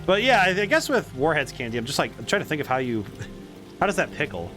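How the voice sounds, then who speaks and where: A man's voice: on the high side, big pitch swings, fast talker, over music. A man streaming a story game, giving casual commentary and musing aloud in a rambling way. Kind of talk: casual let's-play commentary.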